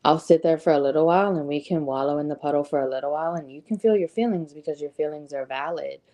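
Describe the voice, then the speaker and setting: A woman's voice: deep voice, fast, warm tone. A woman giving a casual motivational talk, conversational, with frequent ums and rhetorical "right?" questions. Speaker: host.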